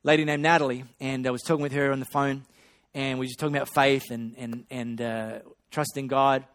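A man preaching a sermon, swinging between loud excitement and hushed storytelling. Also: mid-range voice, brisk. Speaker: pastor.

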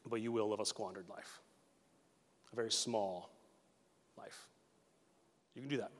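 A man in his thirties preaching a sermon as pastor, casual and animated, slipping into quick acted quotes. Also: fairly low pitch. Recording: long reverb of a large hall.

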